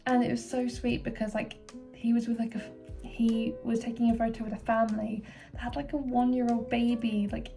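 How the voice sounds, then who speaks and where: A young woman vlogging in casual chat, gushing with excitement and filling her talk with likes and ums. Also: a little high, creaky, distant mic. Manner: excited, gushing, many fillers. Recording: voice set back from the mic.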